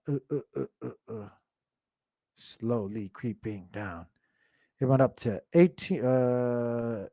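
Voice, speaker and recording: A man with a mid-range voice hosts a casual crypto market video from home, offering commentary to his viewers. He thinks aloud and rambles with plenty of fillers. The recording is clean studio sound with no echo.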